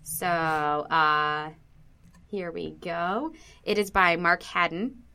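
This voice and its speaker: Bright-voiced chatty woman podcaster. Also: on the low side, extremely slow, clean tone. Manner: chatty, rambling with many fillers and restarts. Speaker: podcast co-host. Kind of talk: casual chat.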